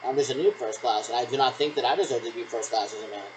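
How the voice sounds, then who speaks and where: A man's voice: medium pitch, fast, slight background noise, poor audio. A man rambling through pretend radio checks on his own, ending turns with "over". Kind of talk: solo role-played radio checks.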